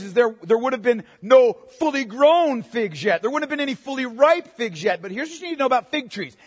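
Preaching in a church, a pastor speaks in a voice unusually high for a man. His style is conversational, and he keeps checking in with the congregation through "okay?" and "right?" on a microphone, while a long reverb from the sanctuary trails his words.

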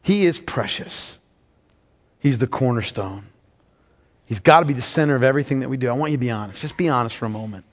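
A man preaching a sermon as pastor, impassioned and at times reading slowly and deliberately. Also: mid-range voice, long reverb tail.

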